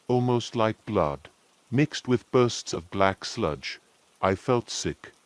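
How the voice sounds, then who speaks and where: A man reading a scripted first-person horror story in a slow, measured storytelling manner. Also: fairly low pitch, no room sound.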